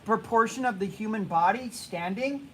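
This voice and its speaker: A young man teaching a drawing class, talking casually and haltingly, repeating himself and hushing the students. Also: sits high, slight background noise, rough recording. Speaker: art teacher.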